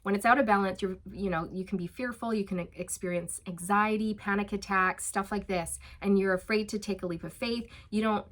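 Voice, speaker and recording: A woman reads tarot in a loose, conversational way, full of fillers and easy laughter. Her voice sits at an ordinary mid pitch. She stretches out her words when she wants to reassure the listener. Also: fairly even intonation. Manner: chatty and encouraging, many fillers and light laughs; slows down for emphatic reassurances. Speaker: tarot reader. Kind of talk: casual spoken tarot reading.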